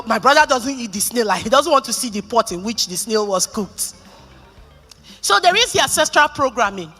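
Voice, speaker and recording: A middle-aged Nigerian woman giving a keynote talk, telling stories and joking with the audience. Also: fairly high pitch. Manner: lively storytelling, joking with the audience. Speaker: conference speaker. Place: conference hall. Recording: reverberant conference hall.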